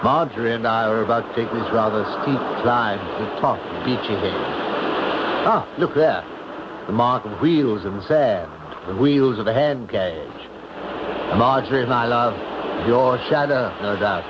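An actor playing a smooth, scheming uncle in an old-time radio drama, with an oily, polite manner. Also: male voice, medium pitch, measured pace, natural voice. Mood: suave. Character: smooth scheming middle-aged uncle, villain. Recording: dull old radio recording with noise.

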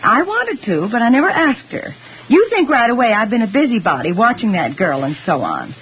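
A flustered neighbour being questioned in a vintage radio drama. Her voice is very breathy and swings widely in pitch as she hesitates and defends herself. The recording is dull and lo-fi. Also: huge pitch swings, a little fast, full character voice. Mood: defensive. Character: nervous, evasive woman neighbour. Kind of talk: 1940s radio acting.

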